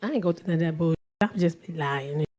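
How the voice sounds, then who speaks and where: A woman from the South Bronx with a New York accent, in her forties, performing a stand-up comedy set on a club stage into a handheld mic, brash and swinging into high squeals and shouts. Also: fast talker.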